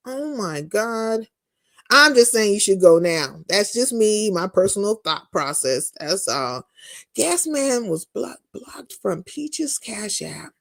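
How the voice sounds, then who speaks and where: A woman live streaming, chatting casually with her viewers and answering their comments in a blunt, profane, animated way. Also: medium pitch, slow, gravelly, dry recording, clean studio sound. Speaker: live streamer and content creator.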